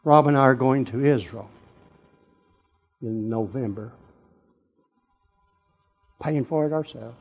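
A man preaching a sermon with drama, moving from hushed, quiet lines to loud shouting. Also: mid-range voice, takes it slowly, long pauses, husky, dull audio.

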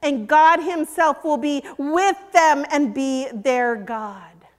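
An older woman preaching a sermon, earnest and emphatic, sometimes dropping to a hush. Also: high voice, slow pace. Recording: long hall reverb.

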